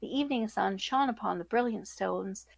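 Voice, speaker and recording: A woman podcast host reading a fairytale aloud in a steady storybook manner. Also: mid-range voice, normal speed, creaky, no room sound, poor audio. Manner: steady storybook narration with self-corrections.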